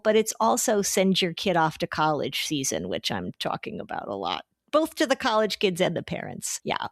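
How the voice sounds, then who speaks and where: A middle-aged woman hosting a podcast, talking in an expressive, encouraging way and explaining with everyday examples. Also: on the low side, dry recording, studio quality. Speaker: podcast host and anxiety therapist. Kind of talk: casual podcast chat.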